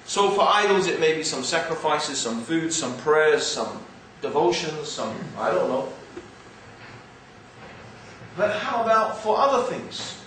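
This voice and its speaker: An English man with a mix of upper-class and East London accents gives an animated, joking religious lecture to an audience. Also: fairly high pitch, measured pace, slight background noise. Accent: English, mixed with East London. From England. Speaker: Islamic speaker. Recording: very echoey hall, mic far off.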